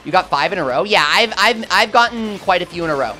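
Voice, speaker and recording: A young man commentating live gameplay and chatting with his viewers, swinging between hype and quick explanations. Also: sits high, expressive, pushed and bright, slight background noise. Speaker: gaming streamer.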